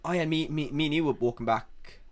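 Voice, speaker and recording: A man's voice: fairly high pitch, fairly quick. A man co-hosting a casual podcast chat, swearing freely and acting out the lines of people in his stories. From Wales. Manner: swearing storyteller, acts out quotes loudly. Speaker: podcast co-host.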